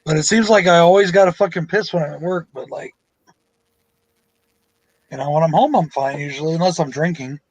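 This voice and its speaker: Man rambling, higher-pitched, dry sound. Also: brisk, pauses often, no echo, rough recording. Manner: profane, rambling storyteller. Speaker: podcast co-host. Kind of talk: casual chat.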